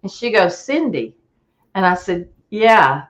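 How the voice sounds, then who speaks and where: A woman guest telling a camping story in a casual, animated way, acting out other people's voices and chuckling as she goes. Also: mid-range voice, takes it slowly, low-quality recording. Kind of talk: casual storytelling on a call-in show.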